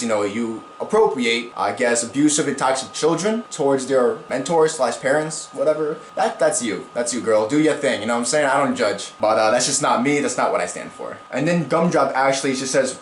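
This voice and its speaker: A YouTuber with a mid-range voice rambles through commentary on online drama, using slangy speech and swearing a lot. The recording has a roomy echo and a little hiss or hum.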